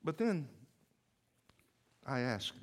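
A male preacher unfolds a story in a dramatic sermon. He swings from hushed murmurs to sudden shouts. His pitch moves in lively swoops, and his words echo in a hall with long reverb. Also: very slow.

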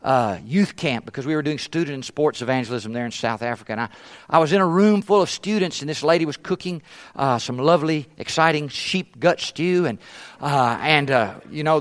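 A man's voice: fairly high pitch, bright, forceful tone. A middle-aged man preaching a sermon, telling a humorous mission story and acting out the voices of the people in it. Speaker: pastor, former missionary.

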